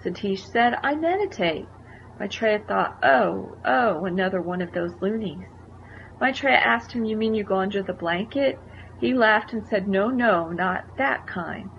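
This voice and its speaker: A woman's voice: mid-range voice, lively intonation, a little slow, vocal fry. Woman narrating a life story, lo-fi. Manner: conversational, explaining asides to the listener. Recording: dull lo-fi recording with faint noise.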